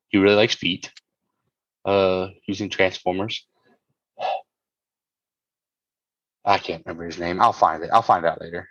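The voice is low yet a bit bright, captured in a dry recording that sounds dull. He's a podcast co-host who chats casually, wandering through his points with plenty of fillers and restarts.

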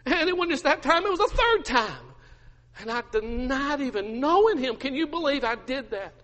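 A man's voice: very high voice, very animated, normal speed, long reverb tail, voice pushed up. A man voicing a grieving, broken Peter confessing through tears in a sermon, his voice shaky and pleading. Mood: grief-stricken.

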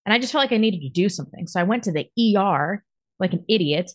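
A woman co-hosting a podcast, telling a story in a profane, animated way and acting out other people's lines. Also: mid-range voice, fast, no echo, studio quality. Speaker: podcast co-host. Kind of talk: casual storytelling.

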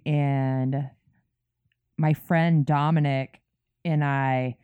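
A woman's voice: low voice, fairly even intonation, extremely slow, dark tone, smooth, no echo, dull audio. A woman in casual podcast chat who laughs easily and talks in a chatty way.

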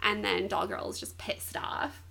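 A woman's voice: medium pitch, a little slow, gravelly. A young woman in casual chat, animatedly recapping an anime plot with lots of "like" and giggles. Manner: animated storytelling, frequent "like", giggly.

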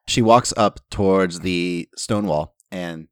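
A man narrating as game master of a tabletop role-playing game, describing scenes at an unhurried pace. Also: sits low, no echo, clean studio sound.

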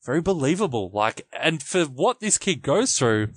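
A man's voice: on the high side, normal speed, dry recording. Man chatting animatedly about a film. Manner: animated, acts out quotes in raised voice. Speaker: podcast co-host. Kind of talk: casual film review chat.

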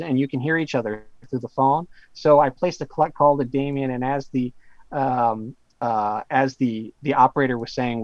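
A man, an author and interview guest, telling a story in a halting way with many fillers and restarts. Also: medium pitch, no room sound, highs cut off.

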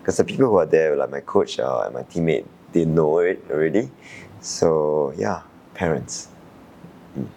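A young man from Singapore, an Olympic sailor, calmly recalling his qualifying race in an interview, thoughtful with frequent fillers. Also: extremely low pitch, moderate pace, slight background noise. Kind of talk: reflective interview answers.

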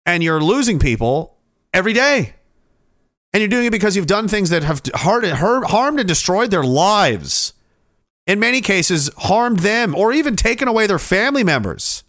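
A man's voice: sits high, big pitch swings, normal speed, fairly bright tone, dry recording, clean studio sound. A man ranting on a livestream, heated and sarcastic, swearing often and reading out chat messages. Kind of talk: profane political rant on a livestream.

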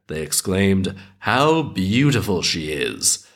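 A man's voice: lowish voice, lively intonation, moderate pace, fairly bright tone. Sarcastic man reading a fairy tale. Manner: sarcastic, joking tangents. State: recovering from illness. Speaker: storyteller and podcast host.

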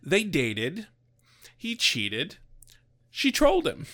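A man co-hosting a casual recap podcast who speaks in an unhurried, drawn-out way. His voice sits a little high and swings through a wide range. He talks wryly and likes to make puns. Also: huge pitch swings, bright, forceful tone. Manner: wry, punning, unhurried. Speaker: podcast co-host. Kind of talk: casual chat recapping a TV episode.

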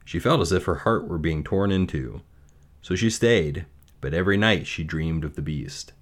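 Deep-voiced, measured male storyteller. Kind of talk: storybook reading and reflection.

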